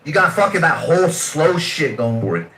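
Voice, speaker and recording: A man trash-talking loudly and aggressively in a heated voice chat argument. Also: fairly high pitch, very animated, moderate pace, echoey room.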